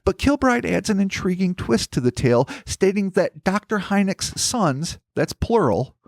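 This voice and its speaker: A man's voice: high-pitched, big pitch swings, moderate pace, no room sound, studio quality. Wry man narrating a mystery podcast. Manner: wry, theatrical storytelling. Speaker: podcast host. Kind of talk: scripted narration with banter.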